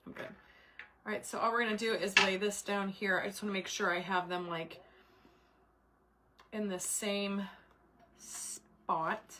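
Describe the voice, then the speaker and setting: A woman's voice: medium pitch, steady tone, unhurried, pauses often, pushed and bright, slight background noise. A middle-aged woman hosting a craft livestream, chatting with viewers by name while she works and muttering to herself as she concentrates. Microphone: camera mic at desk.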